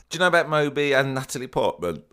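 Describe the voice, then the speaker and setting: A man's voice: mid-range voice, fairly bright tone, smooth. A man co-hosting a music podcast in casual, joking chat, teasing his co-host.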